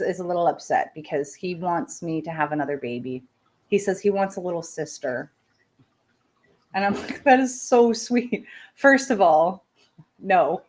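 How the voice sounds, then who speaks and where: A woman in her thirties hosting a live show, chatting casually with viewers, laughing often and making self-deprecating asides. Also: lowish voice. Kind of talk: casual personal chat.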